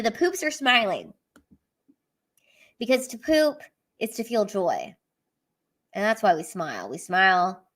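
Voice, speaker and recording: Female streamer, mid-range voice, blunt and foul-mouthed but sincere, reads chat aloud in a loose, casual way. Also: mid-range voice. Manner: blunt, profane, earnest pep talk. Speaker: live stream host reading chat.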